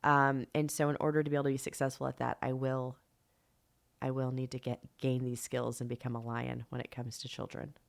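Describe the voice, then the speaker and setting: Middle-aged female podcast co-host, low voice, lively storyteller who acts out dialogue. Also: fairly quick, vocal fry. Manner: animated, acts out quoted dialogue. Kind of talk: casual storytelling chat.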